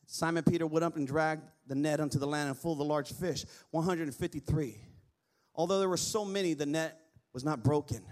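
A male pastor with a high voice delivers a sermon in a church. He reads scripture aloud and calls on the congregation to repeat after him. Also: a little fast, darkish tone. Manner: preaching, quoting scripture, calls on the congregation to respond.

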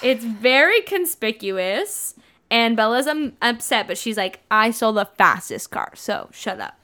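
A young woman with a bright, fairly high voice joins in a casual podcast recap of a book. She reacts in a playful, over-the-top way. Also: sing-song, a little slow. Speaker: podcast co-host.

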